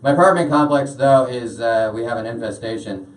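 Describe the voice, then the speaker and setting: A young man doing a stand-up routine in a comedy club, deadpan, with lots of "uh" fillers. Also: mid-range voice, brisk. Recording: roomy club sound from a distance.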